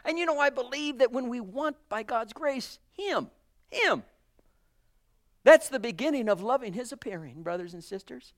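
High-voiced fervent preacher man, dry sound. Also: expressive, moderate pace, no room sound. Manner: fervent, swings from hushed to loud exclamations; addresses congregation as brothers and sisters. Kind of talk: sermon. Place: church.

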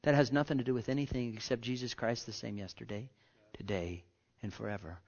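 Man, pastor, sermon, impassioned, loud bursts and hushed whispers, mid-pitched voice, muffled lo-fi recording. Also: steady tone, a little fast, husky.

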